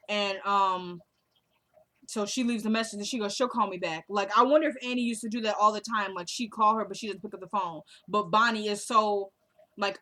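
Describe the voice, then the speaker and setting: A woman's voice: medium pitch, fairly bright tone. A young woman casually retelling a TV episode, acting out the characters' lines in a chatty way. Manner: chatty retelling with quoted dialogue. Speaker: recap host.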